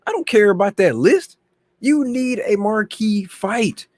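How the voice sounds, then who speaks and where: A man hosting a boxing channel, giving slangy, animated casual commentary that often repeats itself. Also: sits high, measured pace.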